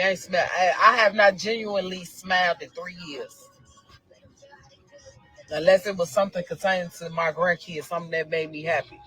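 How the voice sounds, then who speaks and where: A woman's voice: fairly low pitch, a bit bright, slightly rough, no echo, poor audio. A middle-aged woman with a Chicago accent, a grieving mother talking emotionally on a livestream and repeating phrases over and over. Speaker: victim's mother.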